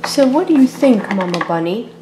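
A woman voicing a calm, kindly father bunny in a toy play-acting video, gentle and measured. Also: fairly high pitch, noisy background.

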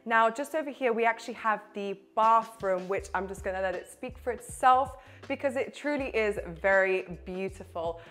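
A young woman leads a property tour and talks eagerly to the viewer while she walks from room to room. Her voice sits at an ordinary middle pitch, chatty and upbeat. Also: normal speed, hardly any pauses, a bit bright. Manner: enthusiastic, chatty, addresses viewer directly. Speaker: real estate presenter. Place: inside a townhouse and on its rooftop terrace.

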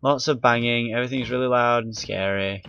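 A man's voice: mid-range voice, fairly even intonation, a little fast, pushed and bright, dull audio, a little hiss or hum. Jumpy scared man playing a horror game. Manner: jumpy, scared, swearing, frequent sudden yelps. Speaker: gaming YouTuber. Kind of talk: horror game let's play commentary. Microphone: handheld camera mic.

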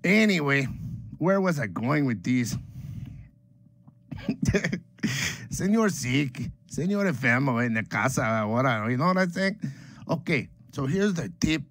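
A man's voice: mid-range voice, animated, unhurried, pauses often, a bit bright, no echo. A man voicing a boastful, joking streetwise homeboy character who rambles and mixes Spanish slang words into his English, in a comedic character monologue. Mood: swaggering. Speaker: comic book collecting vlogger.

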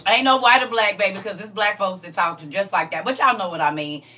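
A woman's voice: medium pitch, quick pace, pushed and bright, faint music behind. A woman chatting casually on a live stream, laughing often and talking straight to her viewers.

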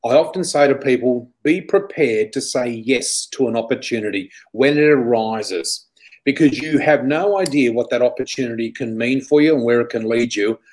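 A man, a psychic guest in an interview, telling animated, chatty stories full of exclamations. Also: medium pitch, normal speed, rough recording. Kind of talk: casual storytelling interview.

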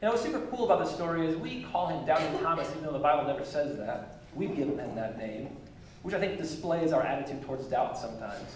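A man delivering a sermon from the pulpit in a relaxed, conversational way. His voice sits a touch high for a man. It carries through a very echoey church sanctuary, picked up from a distance with a faint hiss behind. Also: fast. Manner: conversational, light chuckles between points. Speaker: pastor. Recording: echoey church hall from far off mic.

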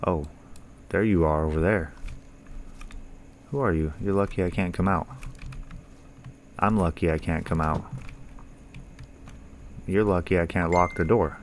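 A man's voice: low voice, unhurried, long pauses, slight background noise. A young man casually commentating a horror game, joking, swearing and talking back to the characters. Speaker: gaming YouTuber.

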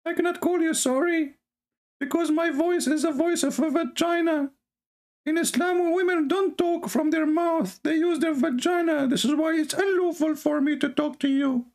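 A prim, mincing young woman with a shrill falsetto, as a man puts her on. Her voice sits far above a man's range and stays prim and proper. It is a mocking bit on a live stream. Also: steady tone, moderate pace. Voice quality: high falsetto.

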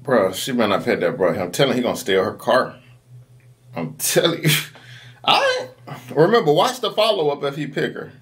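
A man's voice: medium pitch, sing-song, normal speed, a bit bright. A man hosting a reaction video, giving slangy, casual commentary that keeps breaking into laughter. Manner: slangy, laughs a lot while talking.

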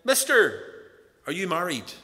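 A shrewd little old Scottish woman puts blunt questions in a raised, bright voice, as a preacher acts her out. Her words ring in an echoey church hall. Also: high voice, huge pitch swings, slow, voice pushed up, exaggerated voice. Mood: questioning. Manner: direct, pointed questions.

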